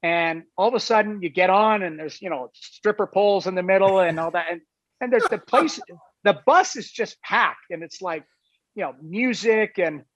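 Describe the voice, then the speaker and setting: A man's voice: high voice, moderate pace, fairly bright tone, no room sound. A man, a guest on a talk show, tells a casual anecdote in a rambling way, full of "like" and "you know". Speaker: guest telling a story. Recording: dull, lo-fi, dry sound.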